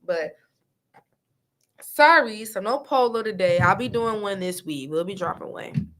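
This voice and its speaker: A woman co-hosting a casual chat show, chatty and quick to restart her sentences. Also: medium pitch. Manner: animated, chatty, restarts a lot. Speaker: podcast co-host.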